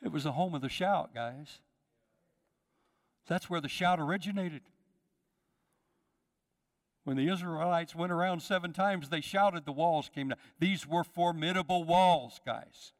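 A man's voice: fairly high pitch, a little slow, pauses often. A man preaching a sermon to his congregation, calling out to them and acting out the voices in the story. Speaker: pastor. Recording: long hall reverb.

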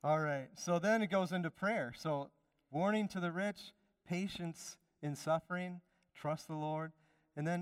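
A man's voice: on the high side, a little slow, clear, resonant tone. A man from Chicago preaching a conversational sermon as pastor, emphatic and repeating his phrases. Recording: long reverb of a hall.

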